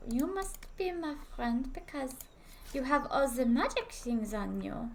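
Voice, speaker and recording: A woman's voice: high-pitched, very animated, a little slow, a little mellow, a little hiss or hum, exaggerated voice. A woman putting on a playful mock French accent while shopping in a game. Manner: playful, theatrical.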